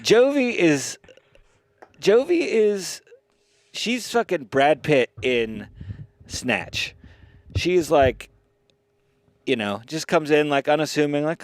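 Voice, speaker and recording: Excitable, foul-mouthed male podcast host. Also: on the high side, takes it slowly, pauses often, dry recording. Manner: excitable, profane, rambling and self-amused. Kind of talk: casual comedic chat.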